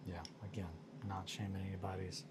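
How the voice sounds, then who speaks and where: A man's voice: sits low, monotone, fairly quick, heavy background noise. A man chatting casually on a hobby stream in a rambling, self-amused way while he works on miniatures.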